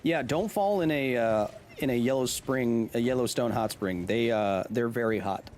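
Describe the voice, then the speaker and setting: A man's voice: medium pitch, normal speed, darkish tone, a little hiss or hum. A man hosting a live game stream, joking around and chatting with viewers as he plays. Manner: playful, jokey, chatting with viewers. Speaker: gaming streamer and host.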